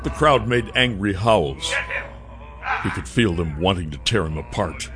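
A man's voice: sits low, lively intonation, unhurried, noisy background. A man narrating a fantasy audiobook with dramatic storytelling.

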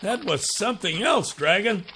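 A man voicing an older male companion who is kindly and wary, speaking softly and gently. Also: high voice, expressive, moderate pace, husky, voice pushed up, exaggerated voice. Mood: gentle.

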